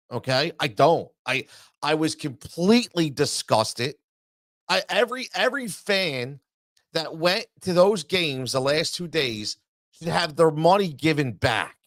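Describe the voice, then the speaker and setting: A man's voice: on the high side, a bit bright, dry recording, clean studio sound. A man hosting a sports talk show, ranting in an exasperated monologue full of repetition and stammering restarts.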